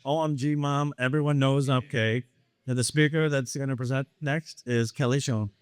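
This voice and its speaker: A man's voice: mid-range voice, steady tone, moderate pace, smooth, dry recording. A man hosting a live storytelling event and introducing the next speaker. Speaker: event host.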